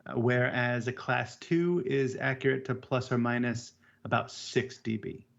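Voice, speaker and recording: A man co-hosting a casual technical chat about audio measurement, halting and restarting words as he explains. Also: medium pitch, fairly even intonation, creaky. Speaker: AV technician co-host. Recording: dull lo-fi sound.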